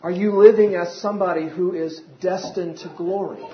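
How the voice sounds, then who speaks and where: A man preaches in a high, light voice, pressing his points with repeated questions. The sound is roomy and a little muffled, like a lo-fi recording made in a church sanctuary. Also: steady tone, moderate pace, slight background noise. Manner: preaching with rising emphasis and repeated rhetorical questions. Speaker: pastor. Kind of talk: sermon.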